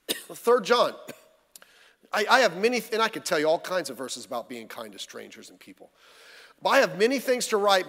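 In a reverberant church hall, a male pastor delivers a midweek sermon in a high-pitched, fairly bright voice. His style is folksy and conversational, full of rhetorical questions.

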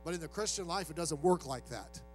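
A man's voice: a little high, animated, fairly quick, faint music behind, low-quality recording. A male pastor preaching a sermon in a loose, conversational way, acting out quoted voices as he goes.

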